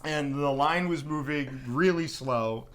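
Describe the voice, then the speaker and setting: A man's voice: a little high, takes it slowly, fairly bright tone. A male comedian guest telling a story in casual chat, dry and self-deprecating.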